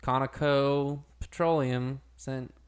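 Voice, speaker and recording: A man's voice: mid-range voice, fairly even intonation, slow, smooth. A man hosting a podcast in casual chat, joking around and riffing on silly bits. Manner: jokey, goofs around with bits and laughter. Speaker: podcast host.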